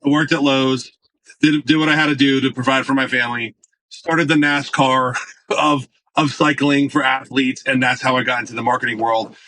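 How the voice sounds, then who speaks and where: A man telling stories in a casual interview, animated, acting out the voices of people he quotes. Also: mid-range voice, moderate pace, no room sound, low-quality recording. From United States. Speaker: marketing executive guest.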